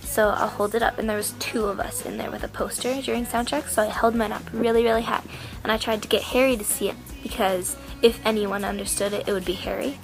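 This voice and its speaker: A young woman telling an excited, rambling story to the camera, full of "like" and acted-out quotes of herself. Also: mid-range voice, fast, over music. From Canada. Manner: gushing, filler-heavy, quoting herself. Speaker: vlogger.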